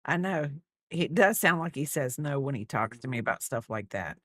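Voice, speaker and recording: Low-voiced woman chatting to her dog. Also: animated, normal speed, a bit bright, no echo, clean studio sound. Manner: teasing, doting talk to her dog; rambling with restarts. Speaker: crochet streamer. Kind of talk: casual chat while crocheting.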